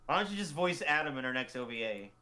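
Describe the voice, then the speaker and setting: A man's voice: mid-range voice, lively intonation, fast talker, pushed and bright. A man hosting a casual livestream, reviewing animation entries and laughing often. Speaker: livestream host judging animations.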